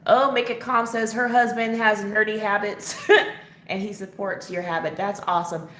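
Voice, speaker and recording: A woman's voice: medium pitch, steady tone, normal speed, a bit bright. A woman hosting a casual live coloring chat, answering viewer comments as she works and laughing often. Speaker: coloring channel host. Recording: echoey room, faint background noise.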